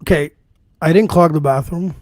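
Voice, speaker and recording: A man's voice: on the high side, normal speed, no room sound. A man co-hosting a casual podcast, telling a profane story and laughing often. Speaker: podcast co-host.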